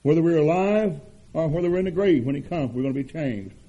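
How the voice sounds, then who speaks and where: An older man preaching a sermon, with an earnest cadence, emphatic repetitions and drawn-out stresses. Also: on the high side, animated, mellow, slightly rough, dull audio. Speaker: pastor.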